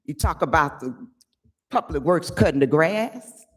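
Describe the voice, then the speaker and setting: An older woman giving an angry, emphatic public comment at a village board meeting, often pausing to ask "okay?". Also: low-pitched, expressive, slightly rough. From Chicago area.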